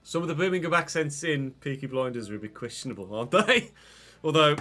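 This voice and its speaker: A man with a cough, streaming a football game and commentating live, excitable and swearing freely while chatting to viewers. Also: fairly high pitch, brisk. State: unwell, coughing. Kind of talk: live gameplay commentary and casual chat.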